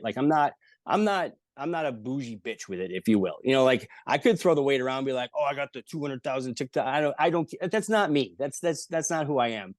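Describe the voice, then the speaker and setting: A man telling stories in casual chat, lively and profane, acting out the people he quotes. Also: mid-range voice, no echo. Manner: animated, swearing, acts out quotes in voices. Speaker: podcast guest. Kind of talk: casual storytelling.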